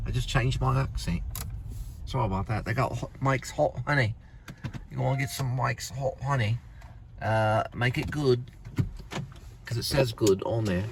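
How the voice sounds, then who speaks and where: A man's voice: medium pitch, normal speed, gravelly, pauses often, recorded from a distance. A man driving deliveries, chatting casually in a folksy way from inside his car. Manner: chatty, folksy running commentary. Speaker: delivery driver and vlogger. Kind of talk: casual narration while driving. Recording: loud car road noise.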